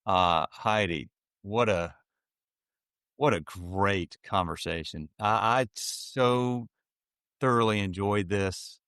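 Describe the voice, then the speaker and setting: A man with a very deep, smooth, clear voice. He talks in a folksy, easygoing way with plenty of ums. The recording is dry and close to the mic. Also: slow, dry recording. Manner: warm, folksy, lots of filler ums. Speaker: podcast host. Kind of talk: casual podcast interview.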